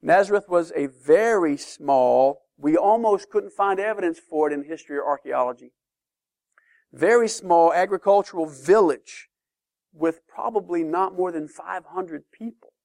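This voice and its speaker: A man teaching a sermon-style Bible lesson to a class, emphatic and lively, often checking in with questions. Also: high voice, normal speed, creaky, dry recording, studio quality.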